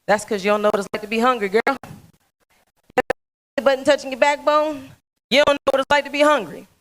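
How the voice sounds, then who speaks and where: A folksy, blunt old country grandfather with a rustic drawl and a teasing edge, as a woman speaker puts him on. He runs higher than her usual voice, with quick, loud punch. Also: natural voice, poor audio. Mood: gruff teasing.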